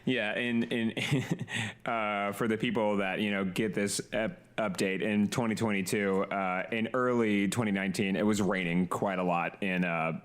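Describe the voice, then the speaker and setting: A man co-hosting a podcast, laid-back and halting, laughing often as he talks. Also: on the low side, fairly even intonation, fairly bright tone, clean tone. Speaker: podcast co-host. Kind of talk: casual chat.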